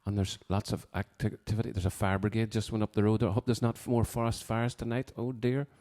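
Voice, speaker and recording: A man's voice: lowish voice, level tone, quick pace, darkish tone. A man chatting casually between songs as host, rambling as he reads out requests and birthday wishes from a piano room at home. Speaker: host of a live music show.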